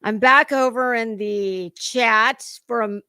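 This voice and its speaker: A woman host delivers snarky, profanity-laced commentary while chatting with her viewers. Her voice sits a little high, and the sound is close and dry with no room around it. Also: takes it slowly, bright, forceful tone, clean tone, no room sound. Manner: mocking, profane, talks to chat. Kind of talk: sarcastic reaction commentary.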